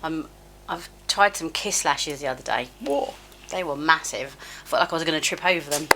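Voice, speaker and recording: A woman's voice: low voice, normal speed, heavy background noise. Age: 50s. Sex: woman. Style: chatty skincare vlog. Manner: chatty, self-deprecating, laughs at herself. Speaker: beauty vlogger. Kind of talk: casual skincare tutorial chat. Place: home, at a sink. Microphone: camera close up.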